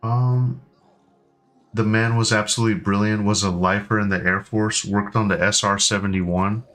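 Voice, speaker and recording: Faint music underlies a low, fairly even, slightly bright male voice at normal speed. He's a US man in his thirties in casual live-stream chat, hesitant and rambling, with frequent ums and restarts.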